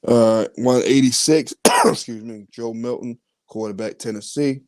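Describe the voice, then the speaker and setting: A man hosting a podcast, reading out his mock draft picks in a casual, halting way with many fillers. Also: mid-range voice, a little mellow, no room sound. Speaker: podcast host.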